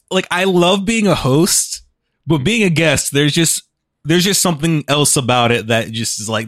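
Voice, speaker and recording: A man's voice: fairly high pitch, fairly bright tone, no echo, studio quality. Rambling male podcast host. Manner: rambling, restarts a lot, chuckles. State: chewing food, muffled. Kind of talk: casual podcast chat.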